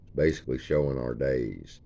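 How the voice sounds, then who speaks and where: Very deep-voiced folksy man. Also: lively intonation, a little fast, gravelly, mellow. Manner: folksy, points at chart features as he talks. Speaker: stock channel host. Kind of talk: casual screen-share chart walkthrough.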